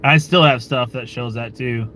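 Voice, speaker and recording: Rambly american guy on a live stream, middle-pitched, lots of ums and cussing, faint hum behind him. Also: moderate pace. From United States. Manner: rambling and relaxed, with frequent fillers, swearing and chuckles. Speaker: YouTube channel host talking with live-stream viewers. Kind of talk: casual live-stream chat.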